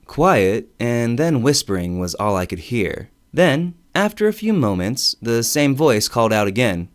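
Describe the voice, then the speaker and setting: A man narrating a first-person audiobook story in an expressive, wry storytelling manner. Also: mid-range voice, a little slow.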